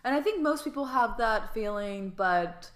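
A woman in her thirties from Atlanta, an actress chatting in an interview with a sassy, animated manner and frequent laughter. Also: fairly high pitch, moderate pace. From Atlanta, US South. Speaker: actress guest. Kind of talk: casual interview chat.

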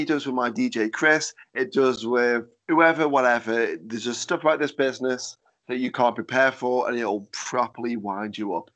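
A man's voice: medium pitch, fairly bright tone. A man hosting a casual chat, moving the show along in a cheeky way. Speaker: host.

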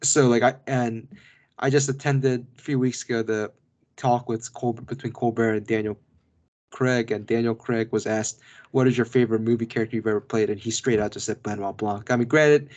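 A man's voice: mid-range voice, steady tone, normal speed, darkish tone, highs cut off. A man co-hosting a podcast, chatting casually about a film with many restarts and asides. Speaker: podcast co-host. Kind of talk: casual film review chat.

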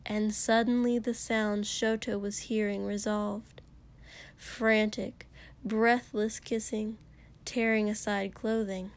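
A woman narrating fiction in a soft, hushed voice, often near a whisper. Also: medium pitch, little pitch movement, slow. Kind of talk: audiobook reading of fiction.

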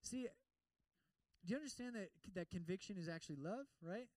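High-voiced male pastor preaching. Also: fairly quick, no echo, far from the mic, poor audio. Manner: lively preaching that acts out prayers in other voices, with humor. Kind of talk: sermon.

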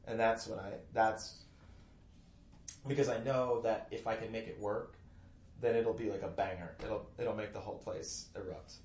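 A man talking casually as a podcast guest, an animated storyteller. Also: fairly low pitch, moderate pace. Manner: animated storyteller, loud put-on family voices. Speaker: podcast guest, comedy writer. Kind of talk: casual chat. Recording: echoey room, faint noise.

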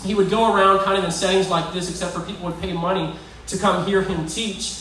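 A man's voice: sits high, steady tone, brisk, a bit bright, slight background noise. A man preaching a conversational, provoking sermon to young people, often asking the crowd questions. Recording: very echoey hall, voice from far off.

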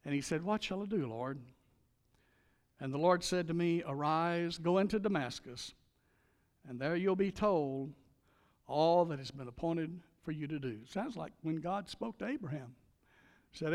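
High-voiced older male preacher in a hall. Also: expressive, moderate pace. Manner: storytelling with dramatic emphasis. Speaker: pastor. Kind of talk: sermon. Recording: long reverb of a large hall.

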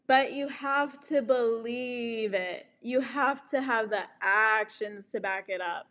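A woman's voice: fairly high pitch, slow, hardly any pauses, fairly bright tone. A woman in her twenties talking candidly to camera about her relationships and self-love, frank and profane, laughing at herself. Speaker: vlogger. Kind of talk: candid personal storytelling to camera.

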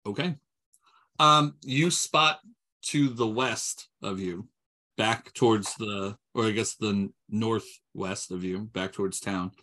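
A man narrating as game master in a tabletop game, halting and restarting often, with plenty of fillers. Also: on the low side, sharp tone.

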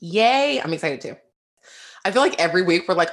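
A woman co-hosting a podcast, bubbly and jokey, who calls herself a genuinely excited person. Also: on the low side, brisk. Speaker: podcast co-host. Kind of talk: casual podcast chat.

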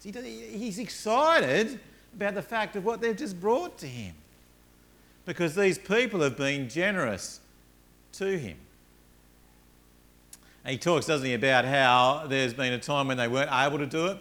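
A man preaching a sermon as a pastor, telling Bible stories in an animated way and acting out the characters. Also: mid-range voice. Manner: animated storytelling, acts out characters.

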